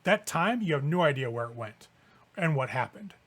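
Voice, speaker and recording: A man's voice: a little high, expressive, normal speed, fairly bright tone. A man narrating a tabletop game as game master, descriptive and casual. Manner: descriptive, casual with fillers like "kinda".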